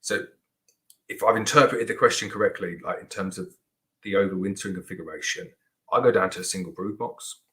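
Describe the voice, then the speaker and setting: A man with a notably low voice talks loosely and conversationally as host of a live viewer Q&A. He rambles, restarts sentences and leans on "like" as a filler. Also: fairly quick, pushed and bright, low-quality recording. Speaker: beekeeper host answering viewer questions. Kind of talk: casual live Q&A chat.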